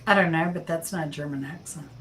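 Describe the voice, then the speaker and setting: A woman on a casual music panel, tossing in quick joking asides. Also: sits low, fairly bright tone. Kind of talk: casual chat. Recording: distant mic with faint noise.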